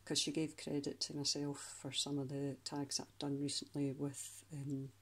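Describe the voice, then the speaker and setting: A Scottish woman doing a casual craft flip-through of a handmade journal, chatty and rambling, often pausing to search for words. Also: low-pitched, monotone, fairly bright tone, husky.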